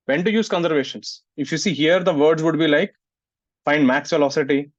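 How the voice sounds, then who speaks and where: A man's voice: fairly high pitch, a little fast, no echo. A male physics teacher, lecturing a class and scolding students who don't listen. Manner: scolds students, asks "getting it?" often. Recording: muffled, dry sound.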